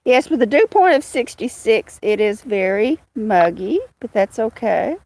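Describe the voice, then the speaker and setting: Lady chatting slow on a phone livestream outside, higher voice, dry sound. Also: lively intonation, darkish tone, no echo. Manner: slow, chatty, greets viewers by name. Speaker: livestream host. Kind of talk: casual livestream chat. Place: outdoors with cats.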